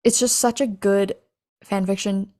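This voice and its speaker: A woman's voice: mid-range voice, steady tone, unhurried, warm tone, dry recording, clean studio sound. A young woman co-hosting a podcast, chatting casually and gushing like a fan. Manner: giggly, gushing fan talk. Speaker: podcast co-host. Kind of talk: casual chat.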